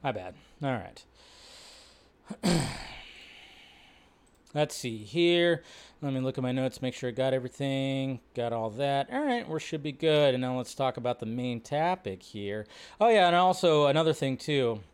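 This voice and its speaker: A man's voice: medium pitch, lively intonation, a little slow, long pauses, smooth. A man hosting a casual live commentary show, rambling with lots of fillers and frequent swearing. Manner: rambling, full of fillers and profanity. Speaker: host.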